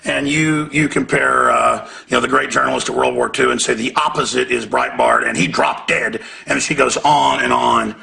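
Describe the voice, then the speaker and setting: A man's voice: mid-range voice, steady tone, moderate pace, creaky, hardly any pauses, bright, forceful tone. A man hosting a talk radio show, speaking with indignant, emphatic commentary. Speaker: radio host.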